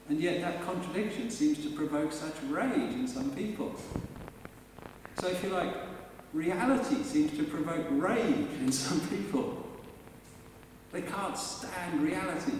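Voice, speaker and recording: A man preaches a live sermon in a big church, picked up from a distance so the voice rings through a long, echoey hall. His voice sits a little high, and he talks in a conversational but emphatic way, full of rhetorical questions. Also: darkish tone, slight background noise. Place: large church, indoors.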